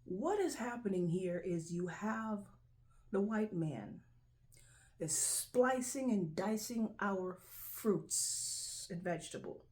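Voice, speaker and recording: A video host from Jamaica with a low, mellow voice does casual show-and-tell to the camera. She's chatty and repetitive, constantly asking "right?"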